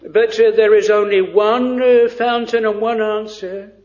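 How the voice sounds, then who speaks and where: A man preaching a sermon in an earnest, hesitant way with frequent pauses. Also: high voice, fairly even intonation, a little mellow. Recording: dull lo-fi recording.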